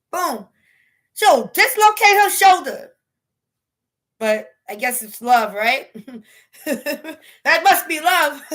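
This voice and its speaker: Woman host, high and bright, animated home livestream chat, does quick character voices. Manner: animated, acts out quoted voices, laughs often. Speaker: live stream host. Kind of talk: casual monologue on relationships.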